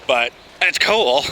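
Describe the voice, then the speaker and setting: Holding a camera as he walks around a city and park, a chatty vlogger jokes constantly and swears plenty, his voice loud and booming. The sounds of passing traffic, trams and the street come through behind him.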